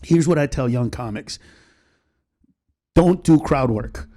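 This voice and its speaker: A man's voice: mid-range voice, takes it slowly. A male comedian talking as a guest in a casual podcast interview, telling stories animatedly and swearing freely. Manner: animated storyteller, acts out other people's voices.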